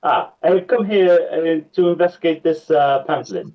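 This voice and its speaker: A man voicing a flamboyant, boastful male bard, speaking in a grandiose, flattering and theatrical way over a phone-like voice chat line. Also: on the high side, moderate pace, recorded from a distance, voice pushed up, natural voice.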